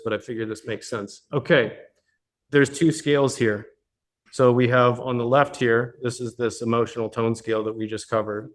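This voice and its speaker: A man leading a live workshop as a business coach, talking bluntly with plenty of swearing and often checking in with the people in the room. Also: mid-range voice. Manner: blunt, profane, keeps checking in with the audience. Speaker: business coach hosting a mastermind. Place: meeting room with a live audience.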